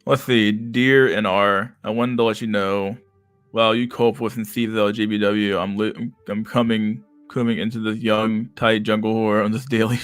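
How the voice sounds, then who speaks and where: A man's voice: fairly low pitch, level tone, normal speed, clear, resonant tone, no echo, soft background music. A man streaming casual commentary, reading comments aloud in a rambling, stammering way with frequent laughter.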